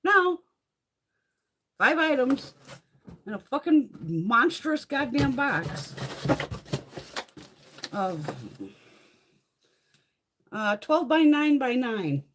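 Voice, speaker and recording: A middle-aged woman hosting a beauty live stream, chatting loosely and cursing freely between bursts of laughter. Her voice is husky and a little breathy, and her pitch swings widely as she tells her stories. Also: very slow, pauses often. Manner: profane, laughing, animated storytelling. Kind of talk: casual live-stream chat.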